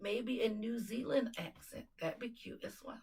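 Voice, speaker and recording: A woman co-hosting a podcast in casual, animated chat, teasing and laughing often. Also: on the high side, normal speed, creaky, breathy edge, far from the mic, poor audio. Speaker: podcast co-host.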